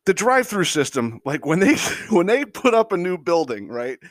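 A man's voice: high-pitched, moderate pace, no room sound. A middle-aged man hosting a podcast, ranting casually with heavy profanity and frequent laughs. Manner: profane, animated, laughing storyteller. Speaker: podcast host. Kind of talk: casual comedic rant.

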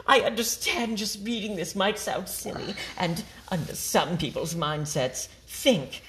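A woman hosting a podcast reads a complaint email aloud and mocks it as she goes. Her pitch swoops widely as she lays on dramatic, sarcastic emphasis. Laughter keeps breaking into her reading. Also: wildly swooping pitch, slow, fairly bright tone, a little hiss or hum. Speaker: podcast host.

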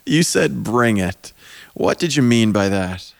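A man hosting a podcast with a joking, rambling manner, his voice going hoarse, talking into a microphone in a small basement. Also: medium pitch, sing-song, unhurried, no room sound. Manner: joking, rambling, self-mocking. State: losing his voice. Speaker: podcast host. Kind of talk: casual podcast chat. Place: small basement corner at a camp. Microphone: studio microphone.

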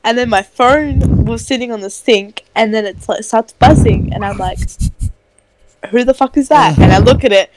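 A woman's voice: a little high, moderate pace, hardly any pauses, heavy background noise. A young woman on a casual podcast call, teasing a friend and laughing through her stories. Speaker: podcast co-host. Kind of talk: casual chat.

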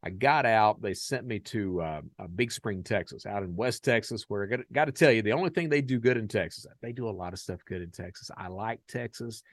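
An American man hosting a podcast, talking casually and candidly with many fillers, growing animated in his stories. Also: lowish voice, fairly quick, few pauses, no echo. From United States. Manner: animated when telling stories. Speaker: podcast host.

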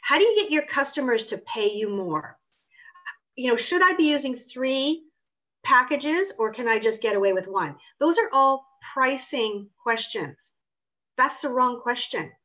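A woman's voice: high-pitched, lively intonation, measured pace, a bit bright. Emphatic woman on lo-fi audio. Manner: emphatic, assertive. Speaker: author and pricing consultant. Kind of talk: interview answers. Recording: dull lo-fi audio.

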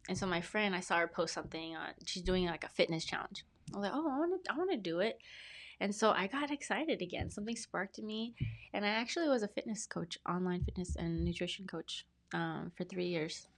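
Here a thirties-aged brand specialist guesting on a podcast rambles earnestly and chattily through her story in casual interview fashion. She speaks a little fast, with a lowish voice and fairly even intonation.

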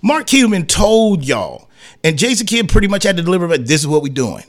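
A man on sports talk radio, voice sitting a touch high, who rants hot and loose with slang. He rambles from point to point and keeps slipping into mock voices of other people. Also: sing-song, a little fast. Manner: heated, rambling, slangy rants full of acted asides.

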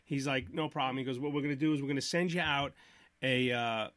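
A man's voice: mid-range voice, steady tone, fast talker, a bit bright, dry recording. A man hosting a podcast, telling a long story in casual chat and acting out both sides of phone calls. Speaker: podcast host.

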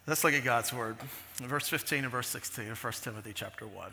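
A man's voice: medium pitch, a little fast, gravelly, pushed and bright, big-room sound. A man preaching a sermon as pastor, conversational and full of restarts and fillers, in a large church sanctuary.

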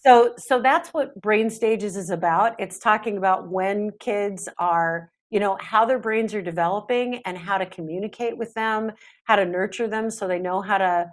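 A middle-aged woman, a parenting expert guest on a podcast interview, talking in a chatty, animated way. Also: medium pitch, moderate pace.

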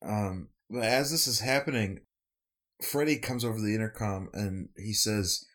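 A man narrating as game master of a tabletop game, slow and descriptive with fillers. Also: on the low side, a bit bright.

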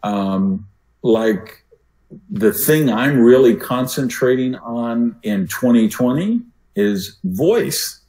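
An older man, a speaking coach and podcast guest, who swings his voice loud and soft to make his points. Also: mid-range voice, lively intonation, takes it slowly, poor audio.

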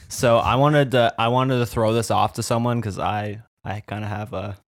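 A man on a casual podcast, introducing his topic haltingly and teasing his co-hosts. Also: lowish voice, fairly even intonation, no echo, studio quality. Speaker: podcast co-host. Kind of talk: casual chat.

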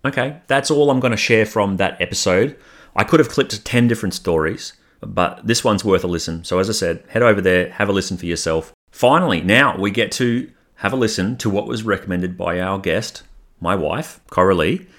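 A male podcast host with a fairly low voice introduces clips from other shows. He talks in a relaxed, conversational way and sprinkles in ums as he goes. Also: normal speed. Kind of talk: casual podcast narration.

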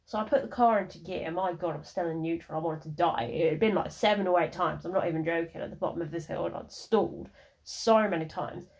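A woman's voice: on the low side, quick pace, darkish tone. A young woman in her early twenties, hosting her podcast and telling a personal story in a frank, rambling way with lots of swearing. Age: early 20s. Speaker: podcast host.

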